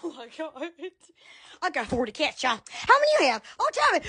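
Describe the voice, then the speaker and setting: A woman's voice: high-pitched, huge pitch swings, a little fast. Giddy, squealing woman live-streaming. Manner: giddy, squealing, laughs constantly, sudden shouts. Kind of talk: rambling live-stream chatter.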